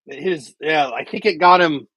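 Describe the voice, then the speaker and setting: Middle-aged guy hosting a ball game watch stream at home, kinda high voice, dry close sound, rambles and calls plays. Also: moderate pace, husky, dry recording, muffled recording. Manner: chatty, thinks out loud, calls plays excitedly. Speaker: livestream watch party host. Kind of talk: casual live baseball commentary.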